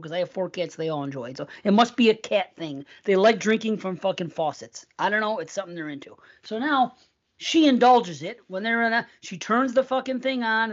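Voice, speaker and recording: A middle-aged man co-hosting a podcast, telling a long, profane, rambling story in casual chat. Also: high-pitched. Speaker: podcast co-host. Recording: dull lo-fi sound.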